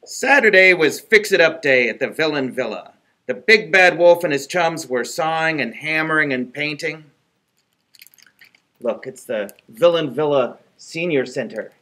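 A middle-aged man, a library director, reading a children's book aloud in an animated, expressive way. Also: a little high, unhurried.

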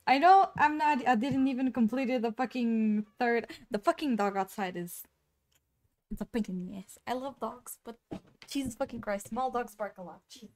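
A woman's voice: a little high, moderate pace, darkish tone, slight background noise. A young woman streaming a game live, cursing and laughing in exasperation as she plays. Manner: swearing a lot, exasperated, laughing often. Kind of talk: live gameplay commentary.

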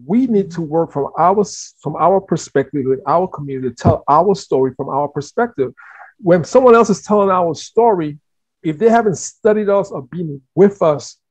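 A man from the Caribbean hosting an interview, animated and talkative, often repeating words as he thinks. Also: on the high side, moderate pace, slightly rough, no room sound. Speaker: host. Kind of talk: casual interview chat. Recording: dull, dry lo-fi sound.

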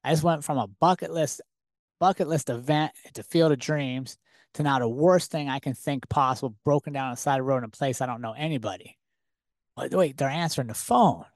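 A man hosting a podcast, telling a personal story in a lively, conversational way full of rhetorical questions. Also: mid-range voice, fairly quick, no room sound, clean studio sound. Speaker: podcast host. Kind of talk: casual storytelling monologue.

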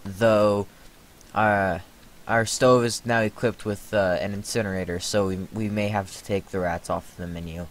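Low-voiced joking man hosting gameplay. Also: steady tone, moderate pace. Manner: joking, playacting as a burger clerk. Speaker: channel host. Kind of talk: comedic gameplay chat.

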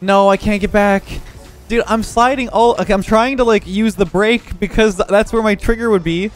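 A young man giving live commentary over his own gameplay, excitable and quick to laugh, with frequent exclamations. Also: sits high, faint music behind. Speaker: gaming YouTuber.

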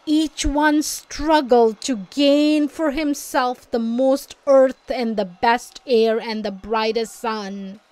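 A woman reading a folk tale aloud as storybook narration, slow and expressive. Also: fairly high pitch, no echo. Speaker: reader.

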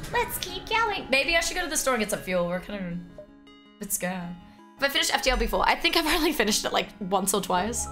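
A young Australian woman streaming a game live, excitable and quick to swear and laugh as she chats with her viewers. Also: medium pitch. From Melbourne, Australia. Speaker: livestreamer. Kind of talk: casual live game commentary.

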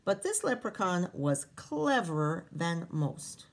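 A woman teacher reading a picture book aloud to children, expressive, with chatty asides to her listeners. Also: fairly low pitch, slow pace, gravelly.

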